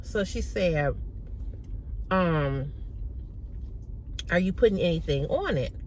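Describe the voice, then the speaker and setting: A woman's voice: fairly low pitch, expressive, slow pace, poor audio. A woman vlogger casually retelling a conversation, with lots of "I said, she said". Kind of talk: casual storytelling to camera. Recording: loud outdoor traffic noise.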